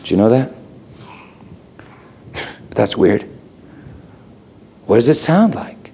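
A middle-aged man preaching a sermon, playful and animated, dropping to low asides and rising high for emphasis. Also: takes it slowly. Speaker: pastor.

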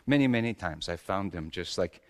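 A man's voice: sits low, animated, fairly quick, darkish tone, big-room sound. A man playing Joseph, a humble carpenter father, in a first-person dramatic monologue, telling stories in a folksy, chuckling way with loose grammar. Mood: reflective.

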